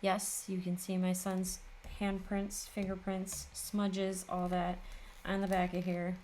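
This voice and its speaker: A woman's voice: on the low side, completely flat delivery, takes it slowly, darkish tone, a little hiss or hum. A woman hosting a papercraft video, chatting casually and tiredly as she works, often laughing at herself. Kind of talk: casual chat while crafting.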